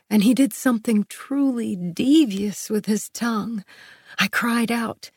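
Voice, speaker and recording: A woman narrating a sensual first-person audiobook, soft and intimate, often near a whisper. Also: medium pitch, breathy edge, dry recording, clean studio sound.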